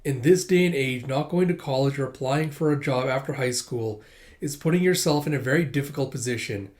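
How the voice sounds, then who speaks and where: A man voicing a strict, formal woman high school teacher in a plain reading voice, stiff and lecturing. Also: a little fast, natural voice. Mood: stern.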